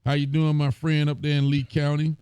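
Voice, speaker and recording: Smooth-voiced sheriff hosting. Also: male voice, on the high side, monotone, fairly quick, warm tone, no echo. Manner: reads out viewer comments and greets each by name. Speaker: sheriff hosting a live show. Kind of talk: casual live-stream greetings.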